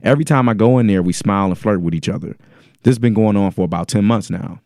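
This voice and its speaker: A man in his forties, a podcast host reading a listener's letter aloud in casual chat with a deadpan, joking delivery. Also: lowish voice, quick pace, gravelly, no echo, clean studio sound. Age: 40s.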